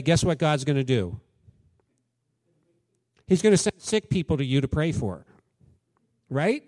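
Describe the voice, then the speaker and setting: A man's voice: sits high, animated, brisk, pauses often, no echo. A man preaching a sermon as pastor, candid and conversational, telling stories and acting out quotes.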